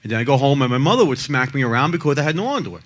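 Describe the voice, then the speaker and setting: A man speaks in blunt, emphatic personal testimony. His voice sits at an ordinary middle pitch. He pushes some lines out loudly and drops others to a near hush. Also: big pitch swings, very fast. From the Bronx, New York. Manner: blunt and emphatic, swinging between loud and hushed. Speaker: abuse survivor and advocate speaker.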